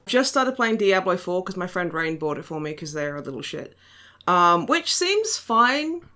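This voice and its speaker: Podcast host, woman, bright and crisp voice, sardonic and giggly, swears freely. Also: lowish voice, sing-song, moderate pace. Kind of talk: casual chat.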